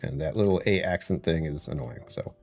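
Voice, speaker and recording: A man's voice: a bass voice, brisk, a little mellow, faint music behind. A man hosting his own live stream in casual, rambling chat, chuckling often and greeting viewers by name from his home computer.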